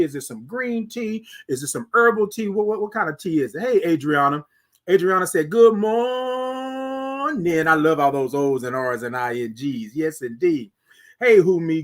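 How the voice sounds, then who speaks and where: A man with a Texan accent hosting a live morning stream, chatting with viewers and singing out long, drawn-out greetings. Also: on the high side. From Texas. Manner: animated, sings out drawn-out greetings. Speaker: host.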